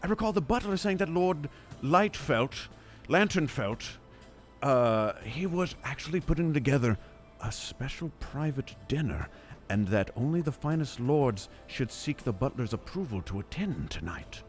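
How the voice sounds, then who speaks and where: A man playing a smooth-talking, scheming male lord in a tabletop role-play, in a pompous mock-aristocratic voice. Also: mid-range voice, animated, measured pace, faint music behind. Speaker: player.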